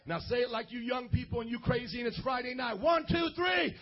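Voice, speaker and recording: A man preaching a lively sermon as a pastor, playful, calling for responses and acting out little scenes. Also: very high voice, quick pace, some chatter behind. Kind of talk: energetic sermon to youth. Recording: dull lo-fi recording.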